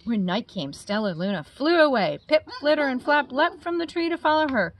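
A woman reading a children's picture book aloud, lively and expressive as she voices the characters. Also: moderate pace. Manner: animated, voices the characters with high squeaks. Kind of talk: storybook read-aloud.

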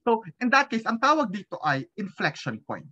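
A man with a Filipino accent lectures in a bright, slightly husky voice that rises and falls a lot. He switches between English and Tagalog and keeps pausing to ask the class if they follow. The sound is dull and lo-fi, like audio from a video call. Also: high voice, huge pitch swings. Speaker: physics lecturer.

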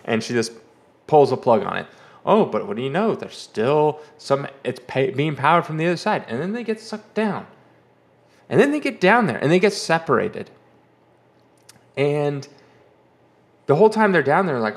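A man's voice: mid-range voice, expressive, a little fast. Guy doing a rambly fed-up movie review rant, mocks the characters in little quotes. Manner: exasperated, rambling, acts out quotes mockingly. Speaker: comic collector channel host.

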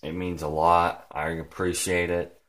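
Casual vlogger, male, deep and unhurried, rambling, excitable and emotional. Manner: rambling, heavy use of "like" and "frickin'"; excited and emotional, close to tears. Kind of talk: casual vlog talk.

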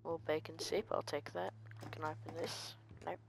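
A game player giving quiet let's-play commentary, talking softly and easily startled. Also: mid-range voice, flat delivery, moderate pace, vocal fry, background noise.

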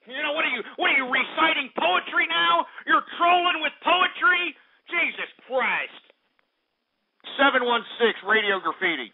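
A man's voice: extremely high pitch, expressive, normal speed, vocal fry. A man playing an angry, swearing host of a comedic call-in radio show who insults every caller. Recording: tinny phone-like audio.

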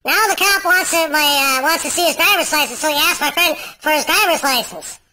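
A person telling a rambling joke through a pitched-up cartoon cat voice app, with folksy restarts. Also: brisk, sharp tone, a little hiss or hum. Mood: cheeky. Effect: sped-up, pitched-up cartoon voice app. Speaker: joke teller. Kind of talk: joke storytelling.

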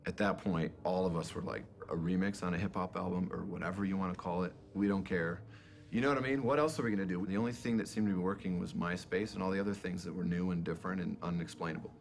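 A man's voice: deep voice, steady tone, quick pace, gravelly, slight background noise. A man, a band member, telling his story casually and reflectively in a documentary interview.

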